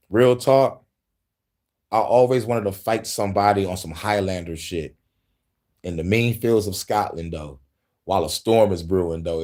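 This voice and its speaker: A low-pitched man in his thirties hosts a casual podcast about politics and movies. He swears, laughs often, and breaks into loud, shouted impressions.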